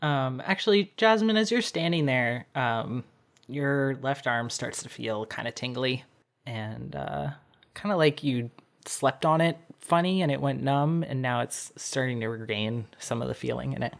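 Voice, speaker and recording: A man narrating a tabletop game as dungeon master, describing scenes in an unhurried storytelling way. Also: mid-range voice, expressive, vocal fry.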